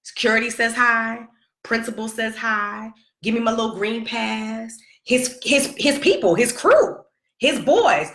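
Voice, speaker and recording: Slightly high-pitched, very animated and fairly bright, this middle-aged woman talks at a moderate pace with a roomy sound around her. As a vlogger and mother, she vents to viewers about her son, speaking directly to the camera. The casual storytelling is sassy and emphatic, full of repetition for effect.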